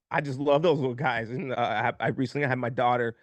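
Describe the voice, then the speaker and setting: A man's voice: mid-range voice, steady tone, quick pace, few pauses, dry recording. A man in his thirties, a podcast guest, telling his life story openly and with emotion, often repeating words as he talks and swearing casually.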